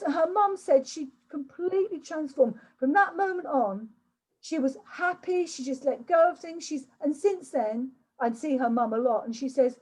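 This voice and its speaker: A woman's voice: high-pitched, moderate pace, a little mellow, low-quality recording. An older woman from England giving a chatty online workshop talk over a video call, often repeating words and restarting. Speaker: workshop speaker.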